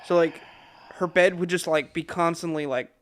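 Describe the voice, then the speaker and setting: A man's voice: fairly high pitch, moderate pace. Laid-back man telling a story. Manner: relaxed, many fillers and chuckles. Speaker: podcast co-host. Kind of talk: casual storytelling chat.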